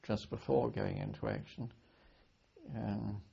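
An older man from Britain recounts his wartime service in a halting way, stopping, restarting and repeating words as he remembers. His low voice is heavily gravelly and husky. The recording is a dull, lo-fi archive tape. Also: little pitch movement, dark tone. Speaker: war veteran recalling his service. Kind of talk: oral history interview.

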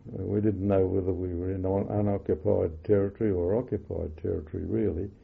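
Older man, low gravelly voice, halting wartime recollection, muffled phone-like audio. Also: steady tone. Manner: halting, many fillers and self-corrections. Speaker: interviewee. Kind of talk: oral history recollection.

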